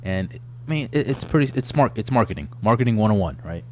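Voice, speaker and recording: A man in his thirties with a very low voice co-hosts a gaming podcast. He talks in a relaxed, rambling way, full of fillers. A faint hum sits under the recording. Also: fast. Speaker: podcast co-host. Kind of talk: casual chat.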